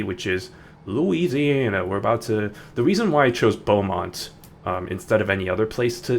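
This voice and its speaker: Low gravelly man chatting while streaming. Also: slight background noise. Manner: rambling, chatty, many restarts. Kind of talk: casual gaming stream chat. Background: faint background music.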